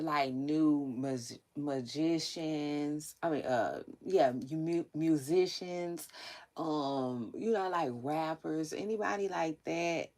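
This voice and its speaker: Speaking in a deep voice with a darkish tone, a woman hosts a celebrity gossip livestream for her viewers. Her talk is casual, chatty, and long-winded, full of frequent laughs, and comes through a livestream mic.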